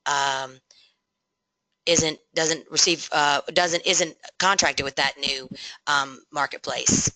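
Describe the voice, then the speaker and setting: Bright dry-voiced webinar moderator. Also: medium pitch, steady tone, dry recording, poor audio. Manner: quick, reads questions with fillers. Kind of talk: reading audience questions.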